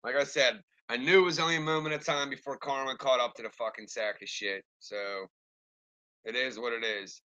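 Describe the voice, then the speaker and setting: A man's voice: mid-range voice, steady tone, brisk, pushed and bright, clean tone. A man ranting on a live stream and answering his chat, angry, rambling and swearing constantly. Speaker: livestreamer talking to chat.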